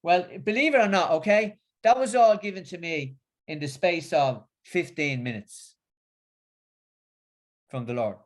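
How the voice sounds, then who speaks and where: Northern English man, middle-aged, slightly high voice, halting delivery with many restarts; religious talk. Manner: halting, with many repeats and fillers. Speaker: religious speaker. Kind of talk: religious talk and casual chat.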